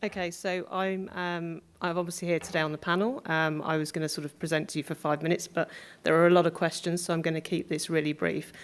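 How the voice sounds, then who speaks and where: A woman on a conference panel with a somewhat low voice. She talks in an easy, conversational way and presses the audience with questions. She wants them to call out answers. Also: level tone, fast, smooth. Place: conference room.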